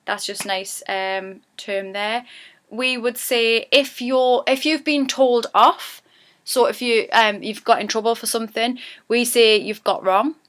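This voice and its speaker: A woman's voice: on the high side, a little slow. A woman with a Geordie accent from Newcastle, giving a casual, chatty spoken lesson on local words and phrases. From Newcastle, England. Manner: chatty, animated when voicing example phrases. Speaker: YouTuber teaching dialect.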